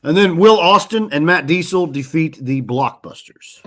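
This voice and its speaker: A man with a slightly high, fairly bright, expressive voice speaks at a moderate pace. Co-hosting a casual podcast chat about wrestling, he rambles and corrects himself while recapping results.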